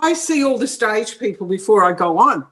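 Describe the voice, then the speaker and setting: A middle-aged psychic medium from New Zealand tells funny stories in a casual interview, animated and often breaking into laughter. Her voice is mid-range at normal speed, with background noise.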